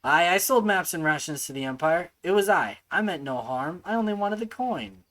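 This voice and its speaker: A man's voice: high-pitched, lively intonation, normal speed, a bit bright, poor audio. A man reading aloud and voicing a treacherous male guard from a game, who is nervous at first and sneering later. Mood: bitter. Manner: panicky yelps turning to bitter gloating.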